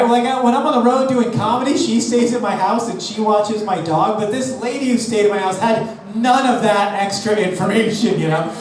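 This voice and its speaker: A man's voice: sits high, slight background noise. A man from Los Angeles doing a stand-up comedy set, brash and profane, mocking himself in his punchlines. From Los Angeles, USA. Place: live comedy venue with audience. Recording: echoey room, distant mic, audience laughter.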